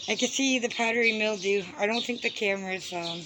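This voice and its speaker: A woman's voice: mid-range voice, a little fast. A woman vlogging outdoors with a handheld phone, walking around and ranting in a fed-up way, swearing often. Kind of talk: walking tour vlog, complaining. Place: outdoors around a house with birds. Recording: noisy outdoor phone recording.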